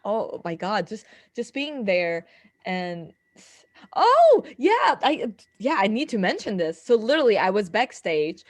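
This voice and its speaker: A young woman guest on a podcast, telling stories with giggly excitement. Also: medium pitch, unhurried, no room sound. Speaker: guest wrestler. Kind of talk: casual interview chat.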